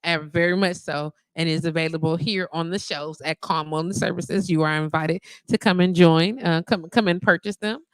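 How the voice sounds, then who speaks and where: Chatty woman host with a gravelly voice. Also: deep voice, dry recording. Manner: chatty, greets viewers and laughs often. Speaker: host of a live online radio show. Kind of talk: casual live-stream chat with viewers. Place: her wellness practice.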